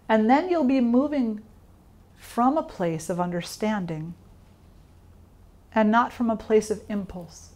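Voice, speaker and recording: Woman yoga teacher, informal talk, calm and reflective, often asks questions. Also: a little high, a little slow, long pauses.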